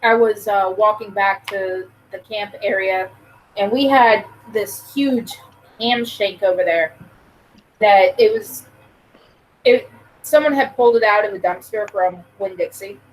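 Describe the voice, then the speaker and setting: A woman's voice: mid-range voice, unhurried, low-quality recording. A woman chatting casually, telling a blunt, crude story and acting out the dialogue. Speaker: podcast co-host. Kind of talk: casual chat.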